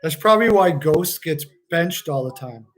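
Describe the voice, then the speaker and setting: A man's voice: fairly high pitch, lively intonation, normal speed. Laughing, cursing man commenting on hockey. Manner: joking, laughs often, swears freely. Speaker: livestream host. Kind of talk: casual hockey watch-along commentary.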